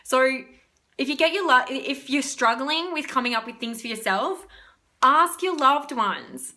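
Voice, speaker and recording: Bright, chatty woman. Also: high voice, expressive, a little slow. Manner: chatty and rambling, laughs often. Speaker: spiritual reader and coach. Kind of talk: casual motivational vlog talk.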